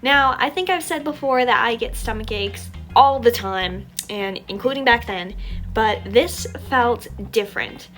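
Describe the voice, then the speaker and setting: A young adult woman telling a story from her childhood in an animated, chatty, self-mocking way, while still a little sick. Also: on the high side, measured pace, faint music behind. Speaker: storytime vlogger. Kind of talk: casual storytelling.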